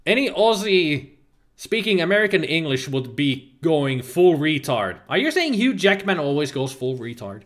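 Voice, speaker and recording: A man's voice: sits high, big pitch swings, a little slow, fairly bright tone. A man from Finland, hosting a livestream and chatting casually as he reads the live chat, laughing often and restarting words. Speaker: livestream host.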